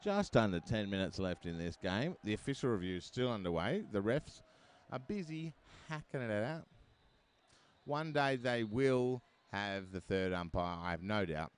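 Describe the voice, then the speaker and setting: A man's voice: fairly low pitch, lively intonation, normal speed, clean tone. Joking male derby commentator. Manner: chatty, joking asides. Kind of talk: live sports commentary.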